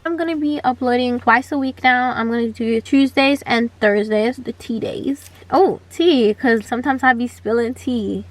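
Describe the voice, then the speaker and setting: A woman's voice: on the high side, normal speed, few pauses, distant mic. A woman in her twenties chatting casually to camera in a storytime vlog, rambling and drifting off on tangents. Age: 20s. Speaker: vlogger.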